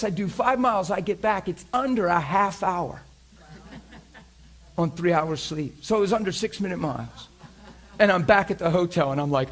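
A middle-aged man preaching, telling a story with lots of laughter and animated energy. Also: high voice, moderate pace. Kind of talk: sermon storytelling.

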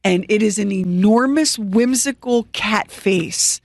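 A middle-aged woman tells a story to her co-host with animated, self-mocking energy. Her voice sits at a middle pitch. It is recorded close and dry in a studio. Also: slow, creaky, no echo. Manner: animated, self-mocking storytelling with squeaky teary quoted outbursts. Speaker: radio show co-host. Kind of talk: storytelling chat.

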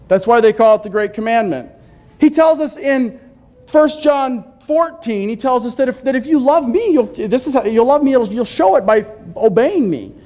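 A man's voice: extremely high pitch, a little mellow. A man pastor giving a sermon in a conversational way, asking the congregation questions and joking with them. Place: church sanctuary.

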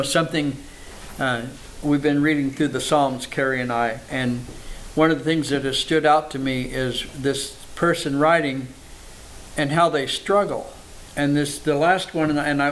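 A man's voice: on the high side, fairly bright tone, slight background noise, poor audio. A man, a pastor, preaching a sermon, reading scripture aloud between plain explanations and repeating words for emphasis. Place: church service.

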